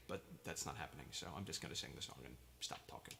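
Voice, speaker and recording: A man's voice: a bass voice, fast talker, creaky, sharp tone. A man who is a musician hosting a live stream, chatting casually between songs in a rambling, self-mocking, jokey way. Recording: reverb with guitar in background.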